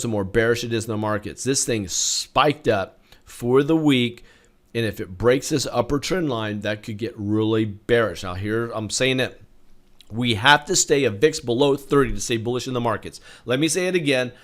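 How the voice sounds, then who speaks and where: Man, market analyst host, emphatic, repeats himself, mid-pitched voice. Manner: emphatic, repeats words, swings loud and soft. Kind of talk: chart review talk to camera.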